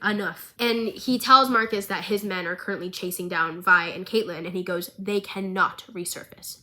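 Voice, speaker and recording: A young woman vlogger giving a casual, animated recap of a show, with lots of filler words. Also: lowish voice, normal speed. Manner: animated, chatty, filler-heavy.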